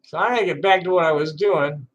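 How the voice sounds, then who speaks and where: A trans woman in her sixties ranting to camera in a profane, defiant, bitter way, halting and repeating words with laughing asides. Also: deep voice, lo-fi sound. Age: 60s. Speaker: vlogger. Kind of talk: unscripted rant to camera.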